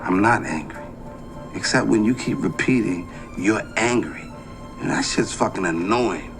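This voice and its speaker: A man doing a grumpy, sweary low-voiced guy. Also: measured pace. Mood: irritated. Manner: annoyed, cursing, deadpan. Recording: music playing behind the voice. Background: music.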